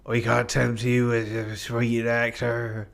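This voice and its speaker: A man's voice: mid-range voice, completely flat delivery, creaky. Man doing a drunken piratey sea captain. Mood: taunting. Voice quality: slurred, piratey drawl. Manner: slow, taunting, lurching. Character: drunken swaying male ship captain, mocking.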